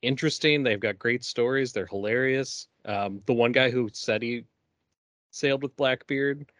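A man's voice: medium pitch, normal speed, fairly bright tone, no room sound, studio quality. A man co-hosting a casual podcast chat, mostly giving short agreeing replies and adding brief comments. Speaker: podcast co-host.

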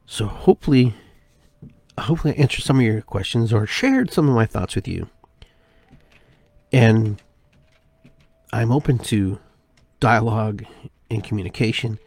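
A man hosting a spiritual podcast, talking in an unhurried, musing way and repeating phrases with shifting inflection. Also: on the low side, animated, creaky, darkish tone, breathy edge, dry recording. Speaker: podcast host. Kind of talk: reflective spiritual monologue.

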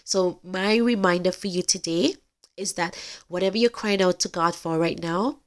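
A woman's voice: on the low side, normal speed. Earnest woman giving a faith talk. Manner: earnest, emphatic, addresses listeners directly. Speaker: podcast host. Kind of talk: faith-based encouraging talk.

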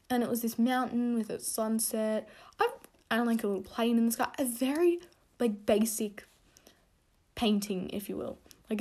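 A young woman hosting a casual podcast rant, rambling with many fillers and self-corrections, getting animated as she tells a story. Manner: animated storytelling, pitch jumping when excited. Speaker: podcast host.

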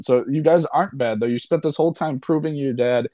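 A man's voice: a little high, quick pace, warm tone, no echo, clean studio sound. A young man casually and sarcastically recapping a movie he disliked, rambling and swearing as a podcast co-host. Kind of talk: casual chat.

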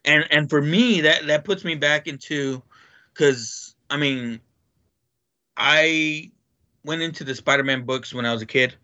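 A man in casual chat, animated and excitable, swearing freely as he talks. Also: a little high, measured pace, highs cut off.

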